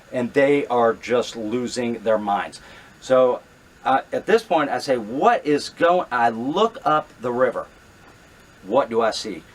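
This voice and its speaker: A middle-aged man telling a true story to camera, animated and reenacting his own thoughts, with frequent fillers and restarts. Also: mid-range voice.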